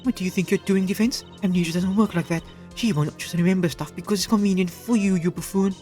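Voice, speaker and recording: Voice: mid-range voice, fairly even intonation, fast, mellow, faint music behind, pitched above the performer's own voice, lightly acted. A player reading the lines of a haughty prosecutor in a fan visual novel, formal and contemptuous. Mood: scornful.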